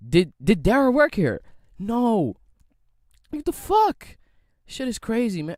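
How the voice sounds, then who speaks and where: Profane animated young man ranting. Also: high-pitched, slow pace, long pauses, dry recording, clean studio sound. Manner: profane, animated ranting with mocking quoted voices. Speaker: podcast host. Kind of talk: casual solo podcast rant. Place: home room at a computer.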